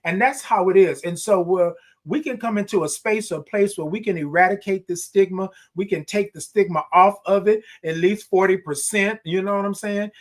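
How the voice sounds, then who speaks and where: A middle-aged man hosting a live morning show, talking in an animated, preacher-like way, repeating phrases and reading viewer comments. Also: sits high, normal speed, few pauses. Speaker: host.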